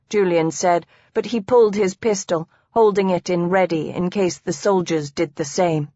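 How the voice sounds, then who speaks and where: A woman reading an audiobook as narrator, in an even, measured way. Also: lowish voice, dry recording, dull audio. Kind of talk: scripted narration.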